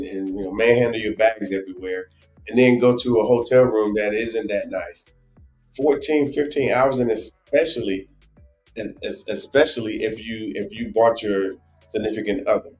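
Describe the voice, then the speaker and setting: A man with a New Jersey accent co-hosting a casual travel live stream, rambling and animated with lots of restarts. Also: on the low side, roomy sound. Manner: animated, rambling, many restarts and "you know". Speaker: travel show co-host.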